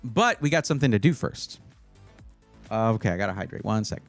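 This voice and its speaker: A man with a fairly low, gravelly voice and big pitch swings talks fairly quickly over soft background music. He's hosting a casual livestream, reading viewer comments and giving rambling, playful computer buying advice. He chats freely, restarts phrases, and jokes with the chat.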